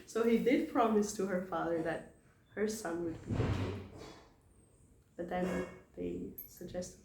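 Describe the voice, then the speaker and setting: A woman's voice: medium pitch, fairly even intonation, normal speed, vocal fry, roomy sound, background noise. A woman casually retelling scripture stories in a chatty way, laughing often. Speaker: devotee telling scripture stories. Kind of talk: casual storytelling talk.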